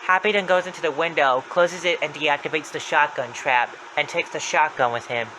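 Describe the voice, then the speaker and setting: A man's voice: on the high side, brisk, sharp tone, a little hiss or hum, poor audio. A young man retelling a creepy story in a plain, running recap with small slips. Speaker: narrator.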